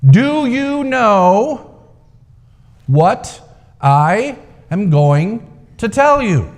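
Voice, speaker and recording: A man's voice: very animated, heavily acted. A man telling of a stern, mysterious old sage. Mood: booming. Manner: slow, booming questions, then curt refusals. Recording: long hall reverb.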